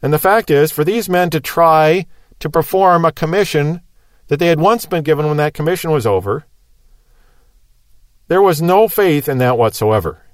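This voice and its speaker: A man's voice: on the high side, expressive, normal speed, no echo. A man preaching a sermon in a conversational, explanatory way, asking rhetorical questions.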